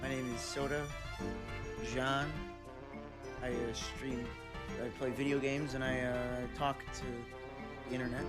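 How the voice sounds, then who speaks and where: A man's voice: mid-range voice, flat delivery, unhurried, long pauses. A man streaming, chatting casually with viewers, joking crudely and reading chat aloud. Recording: background music under voice. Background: game music.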